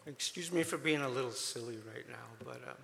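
A man's voice: mid-range voice, brisk, gravelly, slight background noise. Emotional man in an echoing church hall. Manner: chatty and emotional, with fillers and gentle jokes. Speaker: church volunteer speaking to a congregation. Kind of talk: informal testimony to a congregation.

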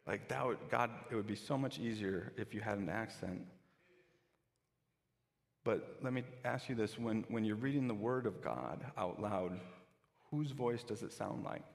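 A man's voice: lowish voice, moderate pace, gravelly, long reverb tail. A pastor giving a conversational sermon, often restarting his sentences.

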